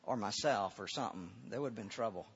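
Speaking quickly in a voice on the low side, fairly bright yet slightly rough, a man preaches and shares a personal story. The earnest pastor frequently repeats himself and restarts sentences, and the recording is dull and lo-fi.

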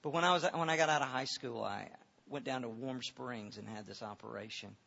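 A man's voice: mid-range voice, fairly quick, vocal fry, pushed and bright. A man preaching a sermon and telling a personal story, earnest, often repeating words and restarting. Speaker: pastor. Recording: dull lo-fi recording.

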